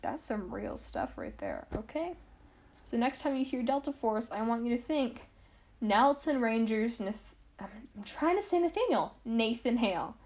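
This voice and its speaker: A woman's voice: on the high side, expressive, moderate pace, a little mellow. Chatty young woman telling history. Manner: chatty, full of "like" and self-corrections. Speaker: podcast host. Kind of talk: casual history storytelling. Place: at home.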